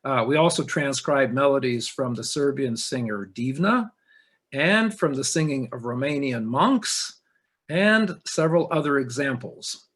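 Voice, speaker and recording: A middle-aged man giving a measured webinar lecture on church music, explaining carefully with frequent hesitations over a computer microphone. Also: medium pitch, animated, a bit bright.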